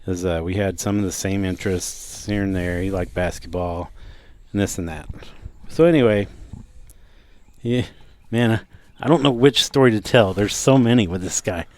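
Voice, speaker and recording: A man with a somewhat low voice trades blunt jokes and curses in relaxed podcast banter. He tells his own story in a loose, offhand way. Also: moderate pace. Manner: blunt, joking, swears freely. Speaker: podcast co-host. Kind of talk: casual chat.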